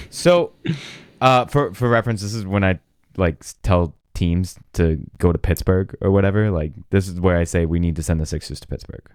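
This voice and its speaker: A man co-hosting a casual podcast, dropping sarcastic asides. His voice is low and smooth. The sound is dry and close, with no room around it. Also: normal speed, no room sound. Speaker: podcast co-host. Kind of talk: casual chat.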